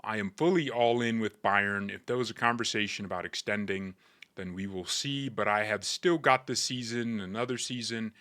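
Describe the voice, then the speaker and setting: A man doing an impression of a calm English footballer with an English accent, reading quotes in a measured, soft-spoken way. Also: fairly low pitch, lightly acted.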